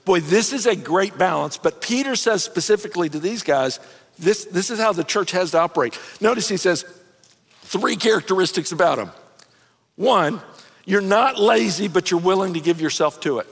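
A middle-aged pastor with a notably high voice delivers an earnest, folksy sermon. He restarts his sentences and drops casual asides as he goes. A long hall reverb trails behind his voice. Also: expressive, normal speed, gravelly, husky. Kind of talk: conversational sermon.

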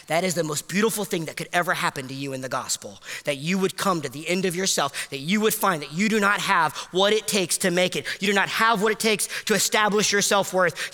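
A man preaching a sermon as a pastor, impassioned and rising high at emotional peaks, then dropping soft, with casual self-deprecating asides full of fillers. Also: brisk, few pauses, big-room sound.

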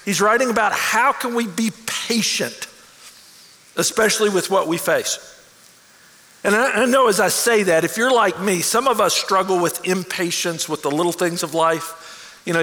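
A man's voice: high voice, normal speed, bright, forceful tone. A man preaching a sermon to his church with energy, often stumbling and restarting his words. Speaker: pastor. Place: large church auditorium. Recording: long hall reverb.

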